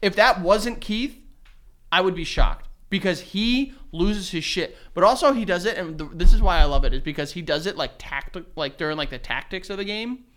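A man co-hosting a podcast in casual chat, telling lively stories, acting out quotes and laughing often. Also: high-pitched, moderate pace. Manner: animated storyteller who acts out quotes and laughs often. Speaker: podcast co-host.

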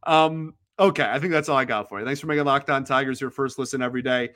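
A man's voice: medium pitch, fast talker, fairly bright tone. A man hosting a solo sports podcast, talking casually in a rambling, opinionated way and laughing often.

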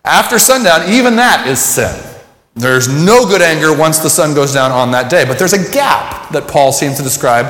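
A man's voice: a little high, animated, moderate pace, fairly bright tone. Man preaching in an echoey hall. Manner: conversational, self-deprecating, acts out dialogue. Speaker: pastor. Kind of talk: sermon. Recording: echoey hall with long reverb.

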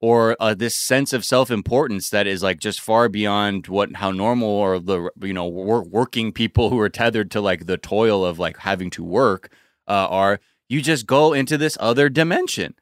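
A male podcast host in casual chat, riffing in an animated, profane and sarcastic way. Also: lowish voice, moderate pace, no room sound, studio quality.

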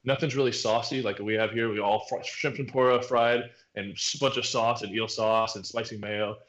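A man's voice: lowish voice, steady tone, normal speed, a bit bright, lo-fi sound. A man in his thirties, a podcast guest, talking in a laid-back, rambling way with lots of fillers. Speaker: podcast guest, pro baseball pitcher. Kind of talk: casual chat. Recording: roomy echo.

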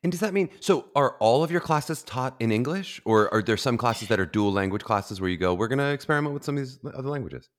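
A man's voice: mid-range voice, expressive, fast talker, hardly any pauses. A man from the American South hosting an interview, chatty and playful as he asks questions. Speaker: podcast host. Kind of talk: podcast interview.

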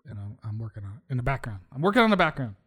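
A man's voice: medium pitch, big pitch swings, very fast, a bit bright, slightly rough. A man co-hosting a casual podcast, brash and insistent, swearing freely. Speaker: podcast co-host. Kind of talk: casual drinking podcast banter.

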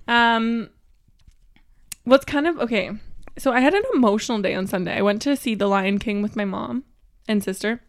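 A woman's voice: a little high, normal speed, no room sound, studio quality. A young woman co-hosting a podcast, telling stories in a chatty way with lots of fillers and giggles. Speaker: podcast co-host. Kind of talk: casual chat.

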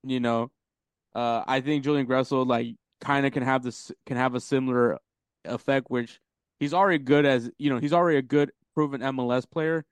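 A man's voice: medium pitch, steady tone, moderate pace, smooth, no room sound. A man co-hosting a podcast, rambling casually about soccer, swearing freely and laughing often. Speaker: podcast co-host.

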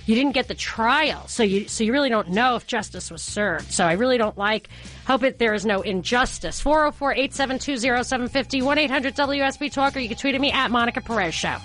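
A woman hosting a talk radio show from a studio, chatty, quick with asides and often laughing. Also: on the high side, fairly bright tone, faint music behind. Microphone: studio microphone.

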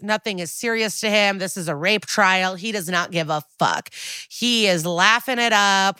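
A woman's voice: lowish voice, sharp tone, smooth, dry recording. A woman co-hosting a podcast, recapping a TV episode in a casual, sarcastic and blunt way. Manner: sarcastic, blunt storytelling with profanity.

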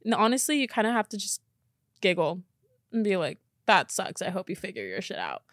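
A woman hosting a podcast in casual reaction chat, blunt and expressive, swearing casually. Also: medium pitch, a little fast, no room sound, clean studio sound. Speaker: podcast host.

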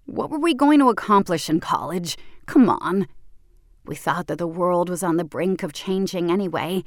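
Audiobook narrator: woman, lower register, measured and intimate delivery with quiet tension, dry close-miked studio sound. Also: lively intonation, dry recording. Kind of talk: first-person fiction narration.

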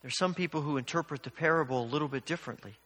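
A man's voice: a little high, very fast, a bit bright, slight background noise. Earnest older male pastor in a reverberant hall. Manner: storytelling, conversational and earnest. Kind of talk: sermon.

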